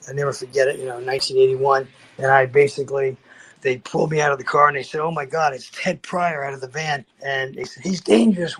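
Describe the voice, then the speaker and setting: A man's voice: mid-range voice, rough recording. Older male podcast guest, casual raconteur; rambles, restarts, voices the people in his story. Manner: rambling, animated storytelling with acted-out quotes; frequent restarts and fillers.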